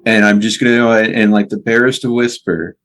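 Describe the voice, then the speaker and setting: A man playing a tabletop game, thinking aloud in a contemplative, measured way as he describes his character. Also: on the low side, level tone, a bit bright, soft background music.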